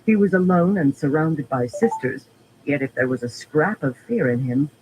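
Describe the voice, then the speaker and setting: Man reader, somewhat high voice, steady audiobook narration, faint background hum. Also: moderate pace.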